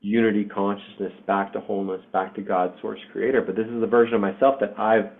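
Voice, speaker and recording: Man in his forties, casual and heartfelt storyteller, lowish voice, thin phone-like sound. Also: little pitch movement, a little fast. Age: 40s. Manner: informal and heartfelt, says "dude", many fillers. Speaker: host of a spiritual group call. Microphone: video call. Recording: tinny video-call audio.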